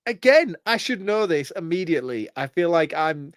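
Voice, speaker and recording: Brief: male podcast co-host, slightly high voice, dry close-mic sound, relaxed and giggly. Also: moderate pace, no room sound. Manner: laid-back, easily stumped, laughs a lot. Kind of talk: casual chat. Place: podcast studio.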